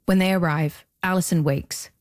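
Low-voiced woman narrating a documentary. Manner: measured, even storytelling delivery. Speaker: podcast host and narrator.

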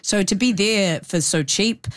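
Bubbly woman. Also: medium pitch. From New Zealand. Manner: bubbly, self-mocking, quick asides. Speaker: guest performer. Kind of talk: radio interview chat.

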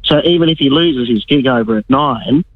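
A man's voice: mid-range voice, moderate pace, no echo. A man chatting on talk radio as a regular guest, his voice affected while he gets over an illness, rambling and repeating words. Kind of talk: casual talk radio chat. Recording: dull lo-fi line.

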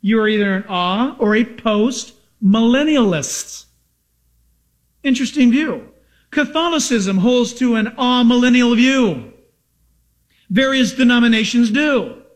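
A man preaching a sermon as a pastor, emphatic and repetitive, asking rhetorical questions and sounding excited and over-caffeinated. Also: very high voice, measured pace.

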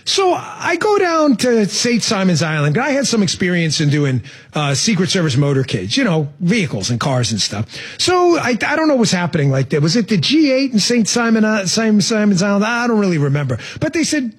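A male radio host delivers a rambling, sarcastic monologue in a husky, slightly breathy voice. He sits fairly high and swings his pitch widely as he tells stories and fires off quick asides. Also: big pitch swings. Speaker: radio talk show host.

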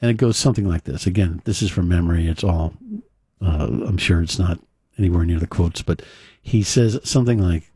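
A man's voice: low-pitched, fairly quick, dark tone, breathy edge, dry recording, clean studio sound. A male radio host casually retelling a film scene in a rambling way, full of fillers and restarts. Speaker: radio talk show host. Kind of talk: casual talk radio monologue.

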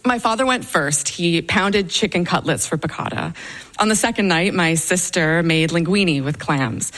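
Low-voiced woman telling a wry story. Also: moderate pace, fairly bright tone. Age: young adult. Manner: wry, dryly humorous storytelling. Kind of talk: personal story told on stage.

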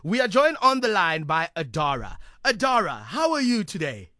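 Playful radio DJ. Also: male voice, high-pitched, very animated, normal speed, pushed and bright, dry recording, clean studio sound. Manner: playful, joking banter. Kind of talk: lively radio show hosting. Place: radio studio.

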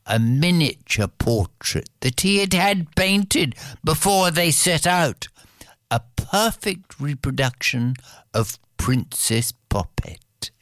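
A storyteller telling a folktale aloud with a rhythmic, repetitive delivery and dramatic pauses. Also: medium pitch, a bit bright, no echo, studio quality.

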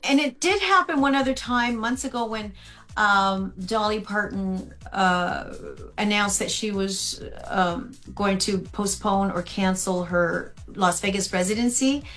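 A woman tribute performer answering interview questions over a remote call, earnest and halting, with many restarts. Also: medium pitch, a bit bright, faint music behind.

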